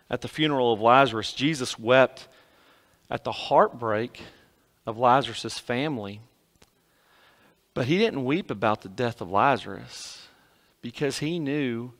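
A man preaching a sermon to his congregation, swinging from loud emphasis to hushed, quiet lines. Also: mid-range voice. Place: church sanctuary.

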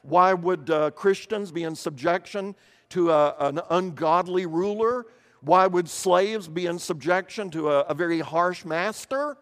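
A man's voice: sits high, a little slow, big-room sound. An older man from eastern Kentucky preaching a sermon, explaining scripture earnestly and often repeating words as he restarts.

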